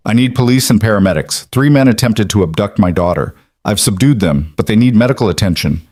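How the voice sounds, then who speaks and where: A man voicing a protective single-dad janitor who speaks quietly, flat and cold. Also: lowish voice, fairly quick, no echo, clean studio sound. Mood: gentle.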